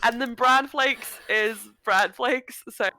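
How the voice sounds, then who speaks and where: A woman narrating as game master of a tabletop game, chatty and quick to laugh. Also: a little high, sharp tone, slight background noise.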